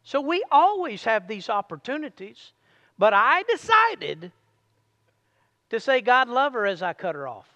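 A man preaching a sermon to a congregation, calling for amens and reading scripture aloud slowly. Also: very high-pitched, wildly swooping pitch, sharp tone, in a large hall. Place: church sanctuary.

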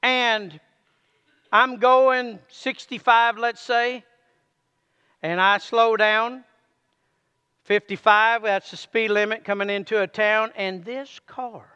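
A man preaching a sermon to a congregation, calling for amens and reading scripture aloud slowly. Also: sits high, steady tone, sharp tone, clean tone, big-room sound, muffled recording. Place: church sanctuary.

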